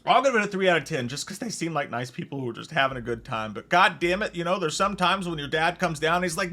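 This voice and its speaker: A man's voice: fairly high pitch, fast, hardly any pauses. A young man hosting a comedic movie review, ranting with heavy swearing and mocking impressions of the characters. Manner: profane, animated, mocking impressions.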